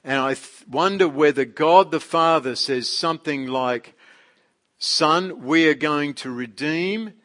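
A man preaching a casual sermon, animated and full of rhetorical questions. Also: a little high, slow. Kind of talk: conversational sermon.

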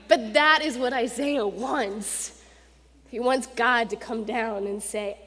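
A young adult woman preaching a sermon in a conversational, animated way, acting out quotes with rising intensity. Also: sits high, moderate pace. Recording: long reverb of a large hall.

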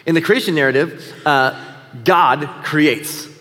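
A man's voice: on the high side, a little slow, a bit bright. A middle-aged man preaches in a slightly raised, easy voice, spinning a self-deprecating story for his congregation. His words ring out with a long reverb, as in a big hall. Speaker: pastor. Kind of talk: sermon.

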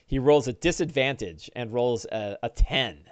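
A man's voice: mid-range voice, unhurried, smooth, dry recording. Man narrating as game master, dry sound. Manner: descriptive, loose narration full of "uh" and "kinda". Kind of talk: narrating a one-on-one tabletop game.

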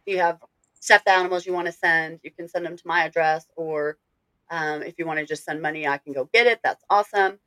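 Chatty middle-aged female co-host, bright forceful tone, dry close recording. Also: low-pitched, fairly even intonation, a little fast, dry recording, low-quality recording. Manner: chatty, rambling with many fillers. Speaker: podcast co-host. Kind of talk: casual chat.

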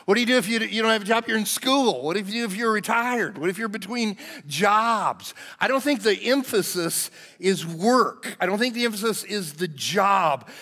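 A man's voice: sits high, expressive, normal speed, hardly any pauses, fairly bright tone. A man, a pastor preaching a sermon in a folksy, joking way to his congregation. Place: church sanctuary. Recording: long hall reverb in a church.

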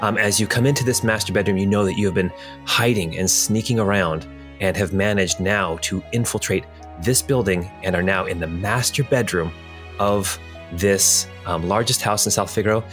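A man's voice: low-pitched, moderate pace, a bit bright, soft background music. A man narrating a tabletop game as game master in a rambling way, with many fillers.

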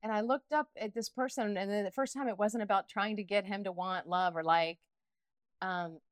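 A middle-aged woman talks candidly as an interview guest. Her delivery is animated and emotional, with many restarts and bursts of laughter. The sound is dry and close. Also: medium pitch, moderate pace, no room sound. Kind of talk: candid personal interview talk.

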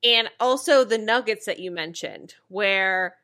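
A woman's voice: mid-range voice, unhurried, sharp tone. A woman co-hosting a casual podcast, recapping a TV episode in a chatty way, often restarting her sentences and laughing as she talks. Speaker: podcast co-host.

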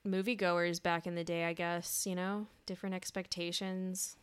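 A woman's voice: on the low side, flat delivery, moderate pace, smooth. A woman co-hosting a casual film podcast, musing thoughtfully and speculating aloud. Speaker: podcast co-host. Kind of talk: casual chat about films.

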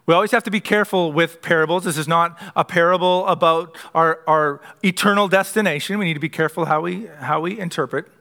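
A man's voice: fairly high pitch, fast talker, few pauses, sharp tone. A man preaching a sermon as pastor, conversational with light humorous asides.

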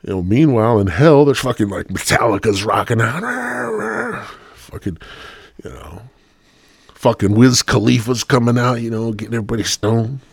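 A man's voice: medium pitch, expressive, moderate pace, vocal fry, slightly rough, dry recording, studio quality. A man hosting his own podcast, rambling through a casual rant full of swearing and sardonic jokes. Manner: sardonic, joking asides. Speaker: podcast host.

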